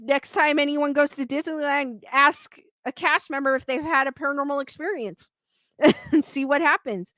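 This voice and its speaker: Her voice sits high with a fairly bright tone, moving at normal speed, and the recording has no echo. She's a paranormal YouTuber live-streaming, reading viewer comments and chatting casually while frankly airing her frustrations.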